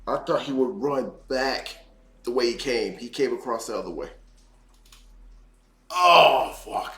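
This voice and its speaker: Excitable man yelling through a horror game. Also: mid-range voice, measured pace. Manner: excitable, cursing, yelps and mutters to himself. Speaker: let's play gamer. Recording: roomy echo with game music.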